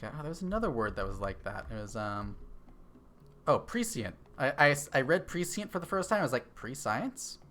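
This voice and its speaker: A man talking his way through a live game stream, chatty and easygoing, mulling things over out loud and answering viewers' comments as they come in. His voice sits at an ordinary middle pitch for a man, picked up close on a desk microphone. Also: a little hiss or hum. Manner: chatty, thinks aloud and reads chat. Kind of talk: casual live-stream chat while gaming.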